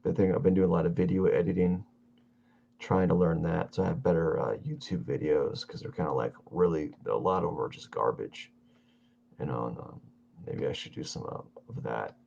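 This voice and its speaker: Man, very deep voice, tired, yawning, rambling stream chat, slightly muffled lo-fi audio. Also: gravelly, a little mellow, slight background noise. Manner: meandering, halting, self-talk with fillers. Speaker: artist streaming his drawing. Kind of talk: casual rambling chat while drawing.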